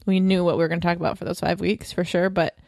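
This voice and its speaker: A woman in her twenties co-hosting a home podcast with her husband, talking in a relaxed, giggly way full of "like" and "um". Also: lowish voice, quick pace, no echo, studio quality. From California. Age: 20s. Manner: laid-back, giggly, filler-heavy. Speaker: podcast co-host. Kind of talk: casual chat. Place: bedroom at home.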